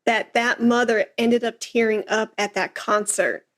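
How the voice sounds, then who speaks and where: A woman's voice: a little high, unhurried. A woman hosting a music podcast, telling a teaching story with energy and acting out the quoted lines. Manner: lively storyteller who acts out quoted lines. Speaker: podcast host and flute teacher. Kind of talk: casual interview chat.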